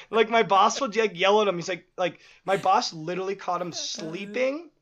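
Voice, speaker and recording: A young man with a notably high voice chats casually. He rambles through his stories, leaning on filler words and breaking into laughter. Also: moderate pace, a bit bright. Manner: rambling storyteller, many likes and laughs. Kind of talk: casual chat.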